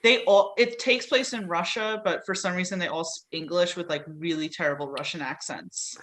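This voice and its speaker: Bright-voiced chatty woman. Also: fairly low pitch, moderate pace. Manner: chatty, laughs often, lots of fillers. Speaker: podcast panelist. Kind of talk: casual chat.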